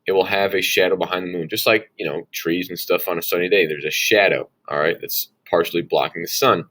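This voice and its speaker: A man's voice: lowish voice, fairly bright tone. A man teaching a recorded lesson walk-through, talking casually and chattily and often checking in with "all right?". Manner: folksy asides. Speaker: science teacher.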